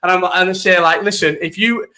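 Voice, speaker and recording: A young man telling an animated, swear-filled story while chatting to a live stream audience. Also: high voice, brisk. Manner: animated, swears freely, talks to live chat. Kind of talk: casual storytelling chat.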